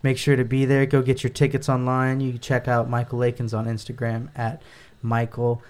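A man's voice: mid-range voice, completely flat delivery, moderate pace, darkish tone. Upbeat joking podcast host man. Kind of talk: casual podcast chat.

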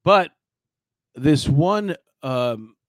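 A man's voice: on the high side, animated, drawn-out words, no room sound. A middle-aged man, a former police officer telling a story in a blunt, rambling way with many fillers. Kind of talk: casual storytelling commentary.

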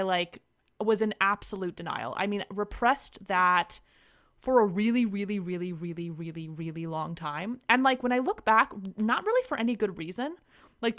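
A woman's voice: medium pitch, fairly bright tone. Young woman guest rambling through her stories, giggly and chatty. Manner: chatty, laughing, lots of "like". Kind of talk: casual storytelling interview.

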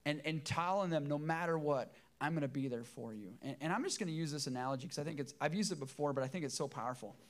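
Middle-aged male pastor, emotional and emphatic sermon delivery, somewhat high-pitched voice. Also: quick pace, few pauses. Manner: emotional, emphatic preaching with repeated phrases.

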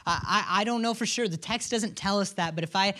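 A woman's voice: mid-range voice, brisk, pushed and bright. A woman pastor preaching a sermon in an earnest way, often restarting and repeating words and asking the congregation questions.

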